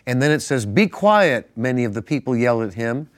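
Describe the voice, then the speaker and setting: A man's voice: mid-range voice, fast, a little mellow. A man co-hosting a Christian broadcast, teaching from the Bible in an earnest, conversational way and reading verses with rising emphasis. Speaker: pastor, co-host. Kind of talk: Bible teaching in casual studio chat.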